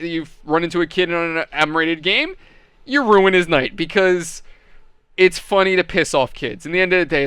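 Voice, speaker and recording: A man's voice: a little high, sharp tone, clear, resonant tone, no room sound. A man hosting a casual gaming and hobby channel, telling stories and giving opinions in a blunt, profane, mocking way. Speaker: channel host.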